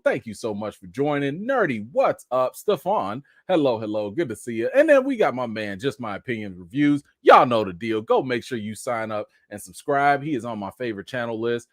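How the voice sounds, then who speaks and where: Lively man hosting a live chat. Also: medium pitch, normal speed, no echo, studio quality. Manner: animated, greets viewers one by one; laughing, chatty storytelling. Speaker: livestream host.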